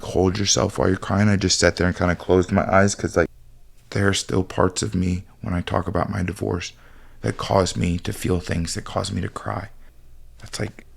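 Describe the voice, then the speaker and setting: A man's voice: deep voice, flat delivery, moderate pace, gravelly, slightly rough. A man talking candidly as a coach on a podcast, intense and blunt, swearing freely. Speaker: high-performance coach.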